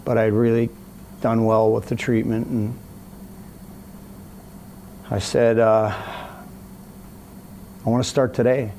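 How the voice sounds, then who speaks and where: Gravelly man telling a story. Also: medium pitch, takes it slowly, long pauses, slight background noise. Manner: animated storyteller, acts out quoted voices. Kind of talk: casual storytelling.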